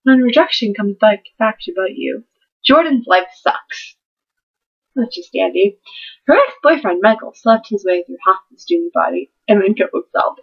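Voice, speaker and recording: Recorded at home on dull lo-fi webcam audio, a teenage girl gives a casual book vlog, rambling in a hyper, giggly way. Her medium-pitched voice is expressive, gravelly and slightly rough, at a moderate pace.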